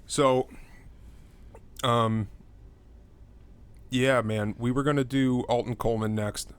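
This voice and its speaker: A young man co-hosting a casual true-crime podcast, talking loosely with lots of fillers and jumping into mocking high voices. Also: fairly even intonation, slow pace, clean tone. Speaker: podcast co-host.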